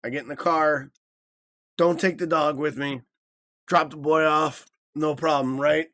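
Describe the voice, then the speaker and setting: A man's voice: fairly high pitch, fairly even intonation, unhurried, pushed and bright. A man in his thirties co-hosting a podcast, telling a story in a casual, profane way and acting out the people he quotes. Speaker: podcast co-host.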